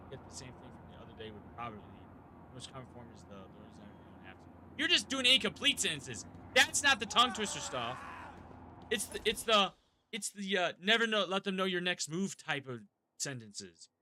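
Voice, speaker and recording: Bright-voiced rambling streamer man. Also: a little high, lively intonation, brisk, a little hiss or hum. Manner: rambling, swears freely, talks to chat. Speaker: live-streaming gamer. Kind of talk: casual live-stream chat.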